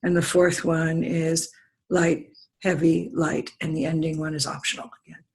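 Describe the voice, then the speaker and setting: A student hesitantly working through a question about poetic meter, with many pauses and fillers. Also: mid-range voice, level tone, vocal fry, rough recording. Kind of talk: asking questions in class.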